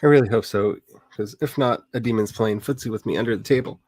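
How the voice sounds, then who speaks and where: A man's voice: fairly low pitch, fast, a little mellow, dry recording. A man hosting a writing livestream, chatting casually in a rambling, self-mocking way, full of jokes and asides. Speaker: livestream host. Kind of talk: casual chat during a writing sprint stream.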